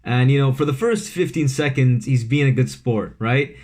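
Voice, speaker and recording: A man's voice: medium pitch, normal speed, few pauses, darkish tone. A young man from Vancouver, telling a casual storytime at home, full of fillers and asides. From Vancouver, Canada. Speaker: vlogger. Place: his room at home.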